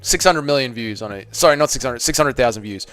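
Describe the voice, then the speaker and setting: A man hosting a live fight watch party, giving blunt, excitable casual commentary, swearing freely and reading chat. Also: mid-range voice, fast talker, clean tone.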